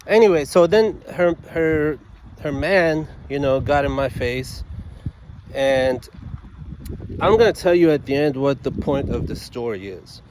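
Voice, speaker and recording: A man, an attorney, telling a story in a casual, animated way, full of restarts and asides. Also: mid-range voice, measured pace, slight background noise.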